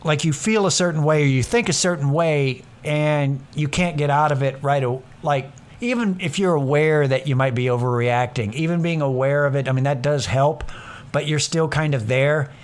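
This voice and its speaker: A man's voice: a little high, moderate pace, clear, resonant tone. A young man hosting a casual solo podcast, rambling and self-deprecating, swearing freely and acting out what others said. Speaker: podcast host.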